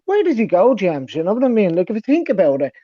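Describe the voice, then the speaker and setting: A man's voice: sits high, wildly swooping pitch, quick pace, no echo, dull audio. A man co-hosting a casual football chat who agrees readily and argues through rhetorical questions. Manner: agreeable, rhetorical, lists options. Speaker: football podcast co-host.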